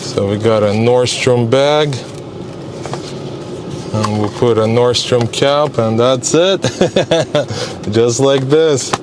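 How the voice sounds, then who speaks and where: A man chatting casually in a vlog, relaxed and laughing often, recorded outdoors by a car. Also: medium pitch, slow pace, noisy background. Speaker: vlogger.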